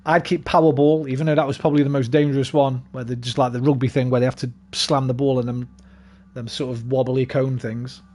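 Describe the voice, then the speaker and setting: A man's voice: medium pitch, level tone, a little fast, a little mellow. A young man rambling casually and swearing freely while streaming a game. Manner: rambling, sweary, laid-back. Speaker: gaming streamer. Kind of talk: casual chat while gaming.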